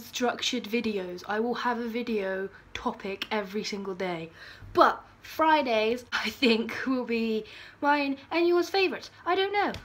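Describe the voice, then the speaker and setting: A woman's voice: a little high, a bit bright. A teenage girl, chatting casually in a bubbly, giggly vlog style with dramatic outbursts. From United Kingdom. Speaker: vlogger.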